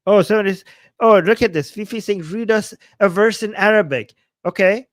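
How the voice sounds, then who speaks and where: An Iranian-accented man, a native Persian speaker, hosting a heated livestream. His voice sits fairly high for a man and sounds dry and close, with almost no room around it. He mocks and swears at his viewers in loud, angry bursts. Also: moderate pace, no room sound. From Iran. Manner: angry, profane, mocking, loud outbursts. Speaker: livestream host reading super chats.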